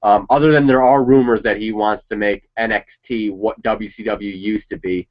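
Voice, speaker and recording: A man reacting to a wrestling show talks at normal speed in a lowish voice with fairly even intonation. He rambles and offers opinions in casual chat, swearing now and then, and the recording is dull lo-fi.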